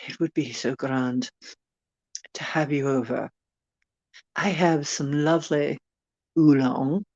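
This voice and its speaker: Woman doing a slow, posh British tea hostess, gracious and drawn out, dull lo-fi sound. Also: deep voice, a little mellow, no echo.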